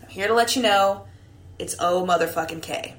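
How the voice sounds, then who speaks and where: A young woman hosting a podcast, telling a story in a candid, profane, animated way, a few drinks in. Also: fairly low pitch, moderate pace, reverberant. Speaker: podcast host. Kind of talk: casual monologue.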